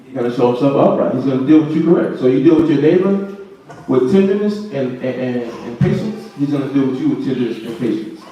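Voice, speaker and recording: A man's voice: mid-range voice, animated, fast talker, mellow, muffled recording, a little hiss or hum. Man teaching scripture in echoey room. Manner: conversational preaching with slang and acted-out quotes. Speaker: Bible class teacher. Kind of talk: Bible lesson, explaining scripture verse by verse. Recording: echoey room, distant mic.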